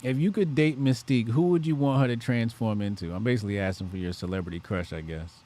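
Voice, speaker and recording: A man's voice: medium pitch, fast, warm tone. A man hosting a livestream, joking crudely and reacting to his chat. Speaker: livestream host.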